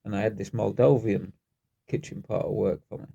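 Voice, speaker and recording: A man with a Yorkshire accent swaps stories on a podcast in a dry, easygoing way. His voice is low, dark and heavily gravelly. It has a husky rasp. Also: steady tone, brisk, highs cut off. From Yorkshire, England. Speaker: podcast co-host. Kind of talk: casual chat, telling anecdotes.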